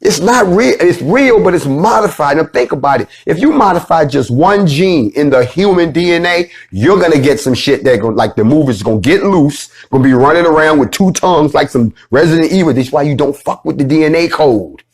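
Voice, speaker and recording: A man with a husky, slightly rough voice lectures his listeners in a loose, preachy way. He is blunt and swears freely as he makes his points. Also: on the high side, animated, fairly quick, few pauses. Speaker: speaker addressing followers. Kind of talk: informal lecture.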